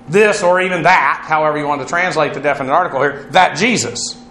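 A man's voice: on the high side, moderate pace, pushed and bright, reverberant, a little hiss or hum. A man teaching a Bible class as its pastor, working through Greek words methodically, spelling them out letter by letter, with many "uh" fillers. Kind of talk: verse-by-verse Greek word study.

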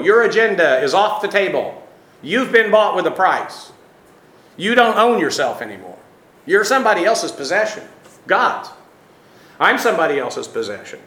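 A man's voice: sits high, bright, forceful tone, roomy sound, low-quality recording. A man preaching an expository sermon, teacherly and emphatic, with frequent filler sounds. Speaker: pastor.

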